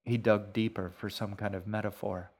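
Male author-narrator, low register, quiet measured audiobook delivery. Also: level tone, husky. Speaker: author reading his own serialized novel.

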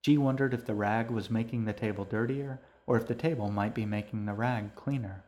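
A man narrating a story for an audiobook in a calm, measured way. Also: on the low side.

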